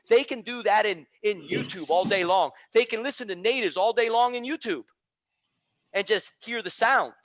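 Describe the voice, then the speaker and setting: A man hosting an online teaching community, giving an energetic, preachy talk on a video call and repeating phrases for emphasis. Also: high-pitched. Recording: dull lo-fi video call audio.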